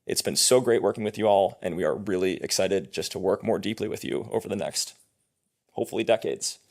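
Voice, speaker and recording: Low-voiced guy at a press conference, earnest prepared remarks, company exec. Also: a little fast, vocal fry, darkish tone. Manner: earnest, emphatic closing remarks. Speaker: company executive.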